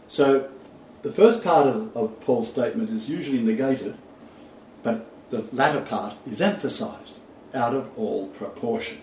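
Speaking at a measured pace in a mid-range, darkish voice, a man teaches a Bible lecture to a small group, emphatic and repeating key phrases for weight. The lo-fi recording is roomy, distant, and dull, with slight background noise.

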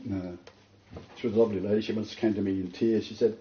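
A man preaching a sermon as pastor, animated and emphatic, often breaking into laughter. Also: on the low side, fast talker, echoey room, highs cut off.

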